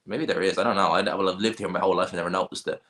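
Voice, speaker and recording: Man, North Dublin accent, low voice, bright forceful tone, casual livestream chat, blunt offhand opinions. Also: steady tone, racing. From Ireland. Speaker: livestream host. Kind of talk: casual livestream chat answering viewer questions.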